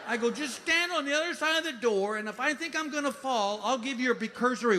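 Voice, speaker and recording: A middle-aged man telling stand-up comedy stories, animated and acting out voices with big outbursts. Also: high voice, a little fast, few pauses, big-room sound. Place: comedy stage before a laughing audience. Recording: live show with clear audience noise.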